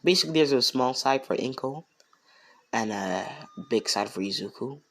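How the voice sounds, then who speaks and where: A man improvising a fan story narration, slow and hesitant, full of ums and you-knows. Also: mid-range voice, animated, fairly bright tone. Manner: slow, hesitant, lots of fillers.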